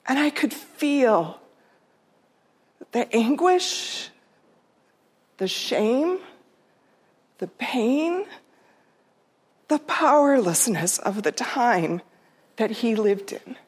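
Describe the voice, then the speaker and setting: A woman's voice: fairly high pitch, big pitch swings, breathy edge. Heartfelt middle-aged woman telling a story. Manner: heartfelt, unhurried, drops to a soft near-whisper at tender moments. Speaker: storyteller speaker. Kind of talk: personal storytelling talk.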